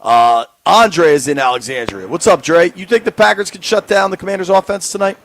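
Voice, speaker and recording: A man's voice: high voice, fairly quick, a bit bright, a little hiss or hum. A man co-hosting a sports radio show, chatting casually with frequent ums and easy laughter. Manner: laughs easily, hesitant with fillers. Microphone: studio microphone.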